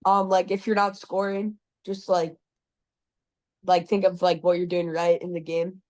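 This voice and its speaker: Young player, kinda unsure, lots of "like", answering the coach on a call, flat voice. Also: mid-range voice, measured pace. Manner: hesitant, filler-heavy answers.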